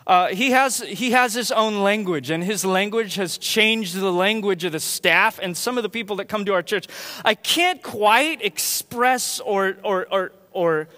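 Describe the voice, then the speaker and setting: High bright-voiced male pastor preaching. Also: a little slow, big-room sound. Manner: conversational, animated when quoting others. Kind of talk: sermon. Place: church sanctuary.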